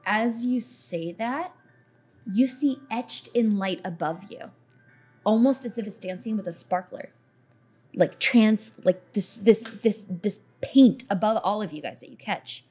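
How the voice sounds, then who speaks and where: A woman's voice: mid-range voice, a little slow, dark tone, breathy edge, soft background music. A woman narrating a tabletop role-playing game as dungeon master, describing scenes in a loose, meandering way with fillers.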